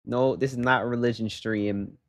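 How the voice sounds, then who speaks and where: A young man chatting casually on a livestream, telling a story in an animated way and rising into loud exasperation. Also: medium pitch, moderate pace, no room sound, clean studio sound. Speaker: live streamer.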